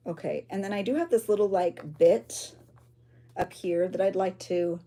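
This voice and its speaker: A woman's voice: lowish voice, normal speed, dark tone. A woman chatting casually on a livestream while she crafts, reading viewer comments aloud and reacting with gasps and exclamations. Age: adult with a child. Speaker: junk journal creator hosting a livestream.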